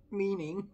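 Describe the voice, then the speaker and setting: A woman's voice: mid-range voice, warm tone, lo-fi sound. A woman tarot reader giving casual, conversational commentary, with exasperated asides and frequent laughter.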